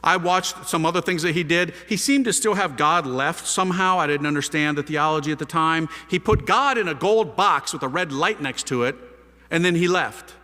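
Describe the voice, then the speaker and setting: A man telling a lively personal testimony as a priest, speaking in casual slang with big swings in his voice. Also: on the high side, normal speed. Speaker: priest giving a conversion testimony. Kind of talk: animated spoken testimony. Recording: echoey hall.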